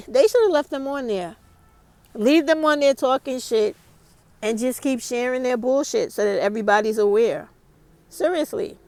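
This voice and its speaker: A woman vlogger delivers a casual rant to camera in a blunt, heated way, swearing freely. Her voice sits a bit high, and the recording is close and dry. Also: darkish tone, no echo.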